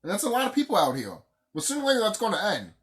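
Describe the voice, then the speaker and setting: Profane vlogger ranting with swinging pitch. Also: wildly swooping pitch, racing, a bit bright. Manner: profane, heated and emphatic, repeats phrases for stress. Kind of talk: casual unscripted rant.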